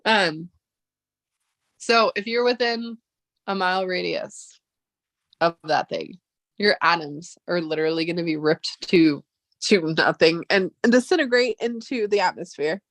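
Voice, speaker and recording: A woman's voice: on the low side, a little slow, fairly bright tone, no echo. Fired-up woman, profane rant. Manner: profane, heated, rambling with restarts. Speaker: vlogger. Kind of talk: casual ranting chat.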